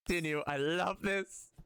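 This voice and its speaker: A man streams a game, reading its dialogue and narration aloud with frequent stumbles and self-corrections in a casual reaction style. His voice is a little high and a bit bright, with a clear, resonant tone. There's no room sound, just faint music underneath.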